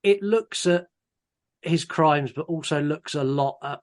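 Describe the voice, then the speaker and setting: A man from England co-hosting a casual podcast, talking dryly with halting restarts. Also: fairly high pitch. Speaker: podcast co-host. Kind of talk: casual chat.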